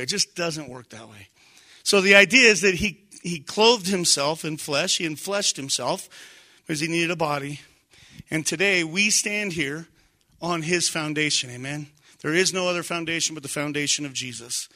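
Middle-aged male pastor, high bright voice, casual and animated sermon, bursts of shouting. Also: moderate pace. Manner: conversational, animated, shouts for emphasis.

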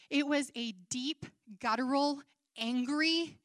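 Woman preacher, earnest conversational delivery, high voice, dry recording. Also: unhurried, fairly bright tone, no room sound. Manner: earnest, conversational, with dramatized quotes. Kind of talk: sermon.

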